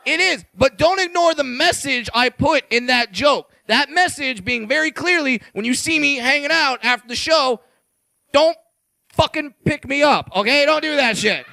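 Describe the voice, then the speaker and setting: Young male stand-up comic, very high gravelly voice, bright and punchy, crude and loud, dry close sound. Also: normal speed, dry recording. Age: 20s. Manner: brash, crude, shouted punchlines. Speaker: stand-up comedian. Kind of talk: stand-up comedy set.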